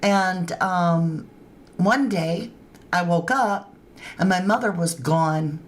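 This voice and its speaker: A woman's voice: fairly low pitch, takes it slowly. Lady chatting away on her live show, casual and loose, talking right to her viewers. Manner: informal grammar. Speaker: true crime channel host. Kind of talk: casual livestream commentary.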